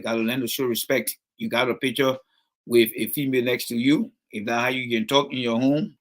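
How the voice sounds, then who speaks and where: A middle-aged Liberian man with a Liberian English accent hosts a livestream, reads viewer comments and scolds a commenter over and over with emphasis. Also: mid-range voice. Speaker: livestream host reading comments. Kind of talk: casual livestream talk.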